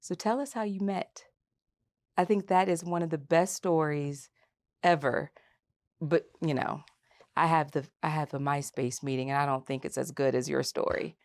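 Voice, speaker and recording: Low-voiced woman hosting an interview. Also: normal speed, dry recording. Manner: encouraging, laughs along with the guest. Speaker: interview host. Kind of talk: casual interview.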